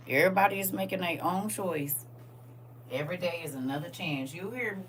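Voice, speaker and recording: A woman giving casual spiritual advice in a folksy way, calling listeners baby and honey, shifting from hushed asides to loud emphatic bursts. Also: lowish voice, fairly quick, a little hiss or hum. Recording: voice a bit distant from the mic.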